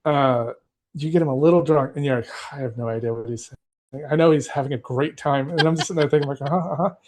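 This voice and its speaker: Male podcast host from Texas, casual and animated, does quick voices for the people he quotes. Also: medium pitch, slight background noise. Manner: animated storyteller who acts out quoted voices. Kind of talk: casual chat.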